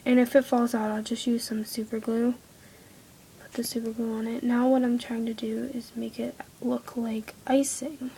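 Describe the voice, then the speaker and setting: A woman's voice: fairly high pitch, little pitch movement, moderate pace, vocal fry, dark tone, rough recording. A teenage girl half-whispering a casual craft tutorial at home, apologetic and easily irritated. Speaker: craft video maker. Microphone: iPod camera close by. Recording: faint background noise.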